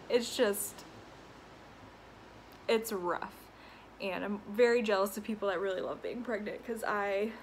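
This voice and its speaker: A woman hosts her podcast from home in a casual, rambling chat, laughing often. Her voice sits a touch high and sounds breathless and a little stuffy. Faint ambient sound drifts in through open windows behind her. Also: a little hiss or hum, rough recording. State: stuffy from allergies. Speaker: podcast host.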